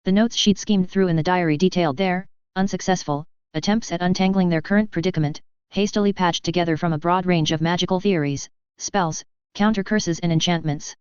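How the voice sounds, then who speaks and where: A woman reading fan fiction aloud as narrator in a steady, even manner, on a dull lo-fi recording. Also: on the low side, fairly quick, hardly any pauses, clean tone, no echo.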